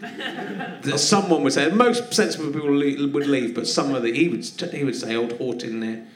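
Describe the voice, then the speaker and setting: A man's voice: on the high side, moderate pace, crowd noise. A male podcast host asking questions and teasing his guest in a live stage interview. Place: theatre stage with live audience. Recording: roomy theatre, audience laughter.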